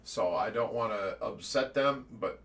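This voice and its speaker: A man's voice: fairly low pitch, a little slow, a bit bright, distant mic, a little hiss or hum. A man hosting a fish rescue livestream, chatting casually and earnestly, laughing at times.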